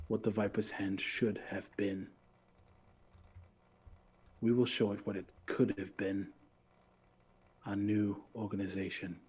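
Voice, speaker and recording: A man's voice: lowish voice, a little mellow, husky. A man voicing a scheming female villain who talks down to others in a purring, patronizing way, sometimes dropping to a whisper.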